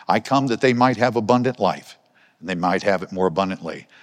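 A man's voice: sits low, expressive, a little fast. A man preaching a conversational sermon, asking his listeners questions as he talks. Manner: conversational, asks the congregation questions. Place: church hall. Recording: long hall reverb.

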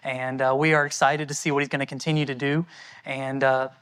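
A man's voice: mid-range voice, level tone, fairly quick, fairly bright tone, smooth. A man from the United States, a missionary answering audience questions at a church in an earnest, conversational and thankful way.

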